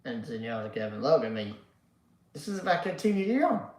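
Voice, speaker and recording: A man's voice: mid-range voice, big pitch swings, quick pace, reverberant, low-quality recording. A sleepy man hosting a casual live stream, reading chat aloud and rambling with lots of fillers and casual swearing. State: sleepy, yawning. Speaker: livestream host reading chat.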